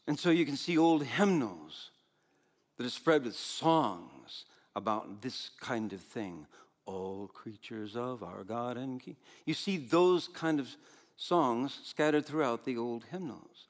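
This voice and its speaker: An older man preaching a sermon as pastor, animated, swinging between loud exclamations and soft asides, with frequent laughs. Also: medium pitch, slow pace.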